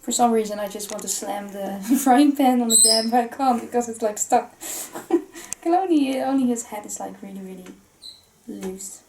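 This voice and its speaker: A woman's voice: fairly high pitch, normal speed, a little mellow, slight background noise. A woman hosting a vlog, chatting casually and giggling often while unboxing collectible toys. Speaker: vlog host.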